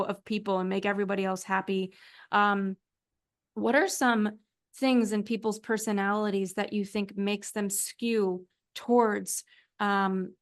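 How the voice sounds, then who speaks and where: A woman hosting a podcast, talking candidly and reflectively, thinking aloud with fillers. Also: medium pitch. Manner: candid, reflective, talks things through with fillers. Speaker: podcast host. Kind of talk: podcast conversation.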